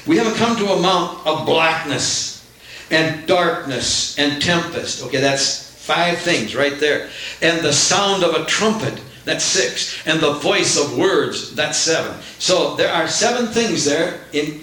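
A preacher man delivers a sermon with fervent energy, climbing to emphatic peaks. His voice is bright and forceful, pitched a little high. The sound rings heavily off a reverberant room. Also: expressive, a little slow. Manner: fervent, rising to emphatic outbursts.

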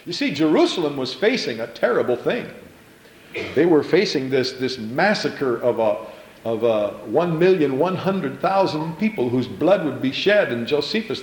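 A male pastor preaching an impassioned sermon in a church, repeating phrases and stumbling into quick restarts as he builds. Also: a little high, echoey room, low-quality recording.

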